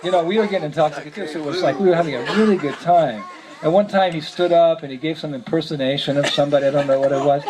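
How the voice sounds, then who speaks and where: A man's voice: fairly high pitch, rapid-fire, crowd noise. A man, a visiting monk, telling a story to a gathering, chuckling often as he speaks. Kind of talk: storytelling talk. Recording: noisy lecture recording.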